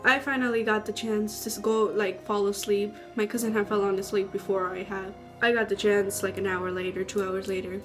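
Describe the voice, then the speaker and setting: A woman telling a story in a casual, slangy, animated way. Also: medium pitch, a little fast, hardly any pauses. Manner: chatty, slangy, animated retelling with acted-out quotes. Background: faint background music.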